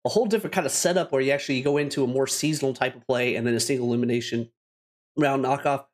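A man's voice: medium pitch, racing. A man hosting a casual podcast, upbeat and rambling, laughing often. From Canada. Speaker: podcast host.

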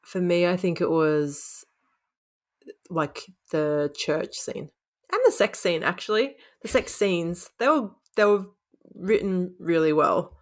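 A woman co-hosting a casual book-club podcast, relaxed and asking her co-host questions. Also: on the low side, takes it slowly.

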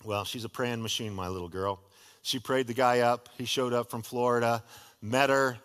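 A man's voice: medium pitch, normal speed, clean tone, long reverb tail. A middle-aged male pastor preaching a sermon, telling a personal story in a casual, conversational way. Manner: casual, conversational storyteller with lively retold dialogue. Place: church sanctuary.

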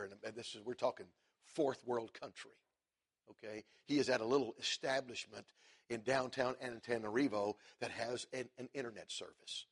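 A middle-aged man preaching with a husky, slightly breathy voice. He tells a story from the pulpit, dropping to hushed stretches and then rising into loud, emphatic preaching. His pitch sits in an ordinary middle range. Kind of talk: sermon storytelling.

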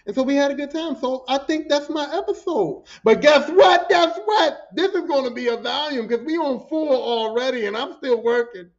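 A high-voiced man spins a rowdy, profane story as a podcast host, jumping into his coworkers' voices as he goes. The sound is dull and lo-fi. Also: moderate pace, few pauses. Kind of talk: casual storytelling monologue.

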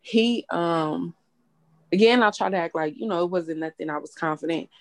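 A woman's voice: fairly low pitch, normal speed, vocal fry, no echo. A young woman hosting a casual chat, talking bluntly and candidly and swearing freely. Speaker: host.

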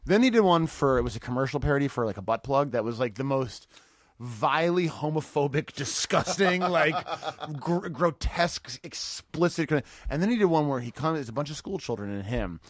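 Male comedian guest, lively storyteller with a swinging delivery, dry close sound. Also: a little high, brisk, dry recording. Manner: animated storyteller, laughs often, swears. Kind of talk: casual chat.

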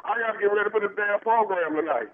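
High-voiced sassy man on a phone line, defiant, dramatic delivery. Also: fast talker. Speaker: choir director being pranked. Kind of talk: heated phone call.

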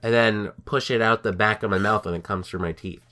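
A man's voice: on the low side, steady tone, brisk, bright, forceful tone. A young man co-hosting a casual chat over a call, teasing and laughing often. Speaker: podcast co-host.

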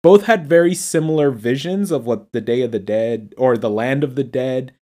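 Mellow-voiced, relaxed podcast co-host. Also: medium pitch, normal speed. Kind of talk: casual movie discussion.

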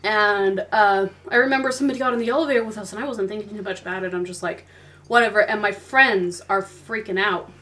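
A woman's voice: medium pitch, steady tone, fairly bright tone. A woman hosting a podcast, telling stories in a chatty, bubbly way. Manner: chatty storytelling, fast and bubbly. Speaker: podcast host. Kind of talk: casual chat.

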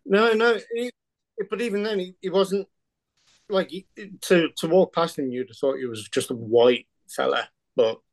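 An Irish man chatting on a comedy podcast. He tells his stories in halting bits and restarts his sentences often. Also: on the high side. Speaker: podcast contributor. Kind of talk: casual podcast chat.

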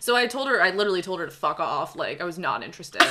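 A young woman co-hosting a podcast, telling a story in a lively, animated way, swearing freely and acting out what people said. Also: lowish voice, quick pace. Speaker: podcast co-host. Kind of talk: casual chat.

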